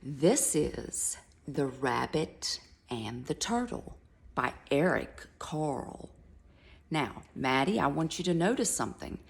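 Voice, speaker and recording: A woman reads a picture book aloud to a young child, narrating slowly and often softening into a whisper. Her voice is lowish and gravelly. She swoops widely up and down as she tells the story. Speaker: reader to a child.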